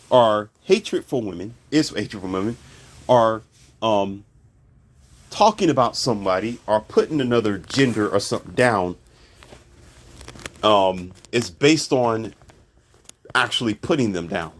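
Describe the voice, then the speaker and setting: Man, husky voice, lively swooping pitch, sarcastic ranting commentary. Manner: sarcastic, emphatic, repeats himself. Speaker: commentary channel host.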